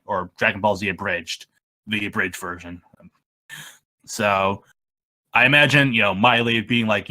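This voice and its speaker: A man being interviewed about his machinima videos, talking in a rambling, halting way that trails off mid-sentence. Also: mid-range voice, sharp tone. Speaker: machinima creator, interview guest. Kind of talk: casual interview chat.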